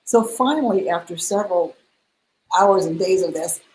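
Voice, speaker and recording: A woman's voice: on the low side, normal speed, slight background noise, low-quality recording. A middle-aged woman, a spiritual mentor, telling a personal story in an interview, acting out the dialogue she quotes. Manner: animated, acts out quoted dialogue.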